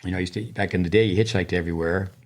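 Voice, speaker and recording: A man's voice: deep voice, fairly even intonation, racing. An older man, a tennis coach and podcast co-host, telling long digressive stories in casual chat, with many restarts.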